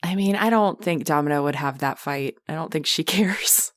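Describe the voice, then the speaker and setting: Female podcast co-host, lowish voice, giggly and animated, dry close recording. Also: moderate pace, dry recording. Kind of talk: casual chat about tabletop roleplaying.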